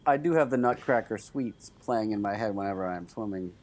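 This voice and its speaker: A man in casual podcast chat, delivering his jokes in a dry, deadpan way. He talks through scenes at an easy pace. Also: lowish voice, fairly quick. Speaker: podcast co-host.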